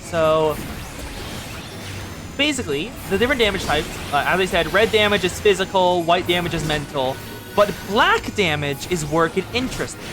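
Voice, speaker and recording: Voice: medium pitch, animated, moderate pace, over music. A game streamer giving casual, rambling live commentary, talking to chat while playing. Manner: chatty, rambling, addresses chat.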